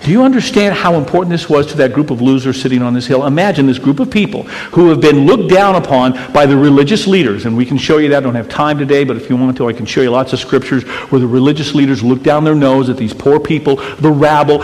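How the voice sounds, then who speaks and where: A man preaching a sermon as pastor, conversational and teasing, swinging between loud emphatic bursts and hushed quiet lines. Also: fairly high pitch, fast talker, few pauses, long reverb tail. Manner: conversational and teasing, with rhetorical questions.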